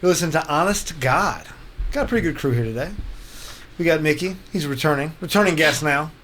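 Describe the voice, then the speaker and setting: A man's voice: on the high side, quick pace, fairly bright tone, slight background noise. A man hosting a radio talk show, chatting casually and joking in a rambling way. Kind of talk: casual panel chat.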